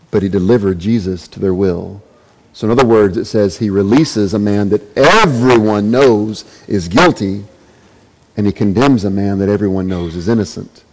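A man's voice: a little hiss or hum, rough recording. A man preaching a sermon, reading scripture and asking his listeners repeated rhetorical questions. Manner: rhetorical questions, acts out quoted lines with rising pitch. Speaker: pastor.

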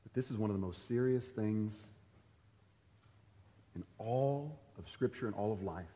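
A man preaching a sermon, swinging from loud, urgent emphasis to quiet, hushed asides. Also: on the low side, measured pace, long reverb tail. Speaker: pastor.

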